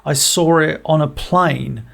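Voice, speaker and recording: Jokey male co-host, gravelly, a bit high. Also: slow, fairly bright tone. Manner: blunt, jokey. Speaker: podcast co-host. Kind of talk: casual chat.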